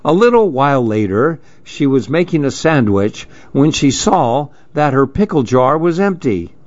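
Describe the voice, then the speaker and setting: A man hosting a program, reading a children's story aloud in a gentle, measured way. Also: mid-range voice, very animated, no echo, dull audio.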